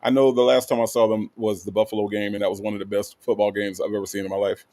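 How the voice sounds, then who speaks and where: A man's voice: on the low side, flat delivery, fast, dark tone. A man hosting a livestream, casually greeting viewers and reading their comments aloud with playful asides and repeated hellos. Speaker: livestream host.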